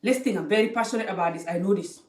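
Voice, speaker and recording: A woman's voice: medium pitch, very fast, a little mellow. Emphatic woman preaching in an echoey room. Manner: emphatic, preachy, repeats phrases for stress. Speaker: vlogger giving life advice. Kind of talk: impassioned monologue to camera. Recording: echoey room, voice a bit distant from the mic.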